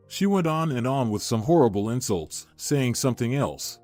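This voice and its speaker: A man's voice: medium pitch, sing-song, normal speed, hardly any pauses, a little mellow, faint music behind. Man narrating a drama story.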